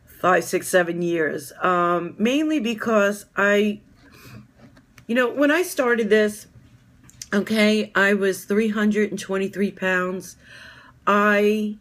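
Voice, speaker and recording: A woman in her fifties giving a heartfelt personal testimonial as a fitness coach, halting often with filler ums. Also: lowish voice. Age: 50s.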